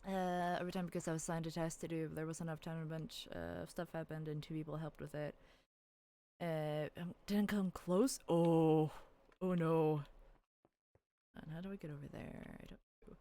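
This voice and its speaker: A woman's voice: low-pitched, fairly even intonation, moderate pace, long pauses, a little mellow, clean tone. A woman livestreaming a video game, chatting casually to her viewers, rambling and giggling, and squealing over cute characters. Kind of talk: casual gameplay commentary to chat.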